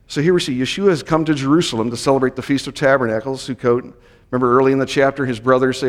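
A man's voice: mid-range voice, fairly even intonation, racing. A man giving a Bible teaching sermon to a Messianic congregation, explaining the text and raising his voice to read scripture. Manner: explanatory, reads scripture aloud with raised emphasis. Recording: long hall reverb.

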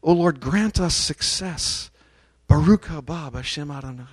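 Guy preaching a sermon, kinda high voice, gets loud and fired up, has the crowd chant back. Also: a little slow, breathy edge. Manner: animated, rising to loud ringing peaks on scripture and praise; leads the congregation in call-and-response chants. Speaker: pastor.

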